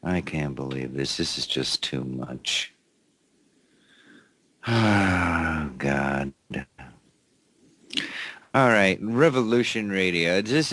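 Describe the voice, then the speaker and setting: A man's voice: mid-range voice, fairly bright tone, no echo. A man hosting his own show, exasperated, cursing and repeating himself as he rambles on air. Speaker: show host.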